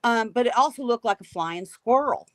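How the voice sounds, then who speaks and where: A woman guest recounting a frightening encounter in an animated, emphatic way, repeating key phrases. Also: a little high, normal speed, dry recording, soft background music. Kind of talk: emotional storytelling.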